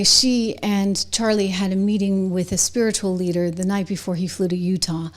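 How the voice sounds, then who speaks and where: A woman hosting a political commentary show, delivering an opinion monologue straight to her viewers and building to loud, indignant outbursts. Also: mid-range voice. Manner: speaks directly to viewers.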